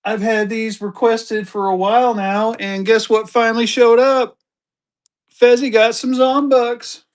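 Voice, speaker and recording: A man with a high voice hosts a casual live-stream sale. He talks chattily and greets buyers by name. He keeps urging everyone to get in and bid. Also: little pitch movement, measured pace. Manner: hypes bidders, greets viewers by name. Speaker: live-stream auction host. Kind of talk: live-stream selling chat.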